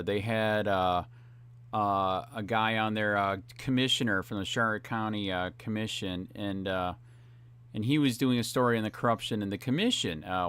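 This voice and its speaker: A man's voice: lowish voice, a bit bright, smooth, no room sound. A man hosting a police watchdog channel, rambling through a profane commentary full of fillers. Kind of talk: ranting video commentary.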